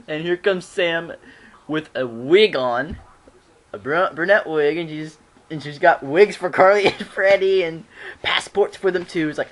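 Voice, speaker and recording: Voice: mid-range voice, a little slow, pauses often. A fan recapping a TV episode in a casual vlog, rambling and giggling, with frequent restarts. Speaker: show reviewer.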